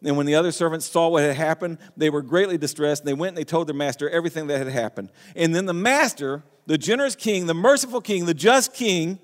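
Preaching fast with hardly any pauses, a male pastor reads from scripture and speaks with earnest conviction, often starting phrases over. His voice sits high for a man, and the sound carries a long, ringing hall reverb.

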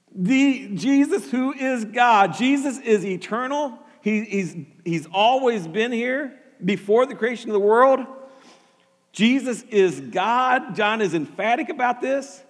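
A man's voice: sits high, in a large hall. A man preaching a sermon with earnest energy, often repeating words as he starts a thought and building to emphatic peaks. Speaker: pastor.

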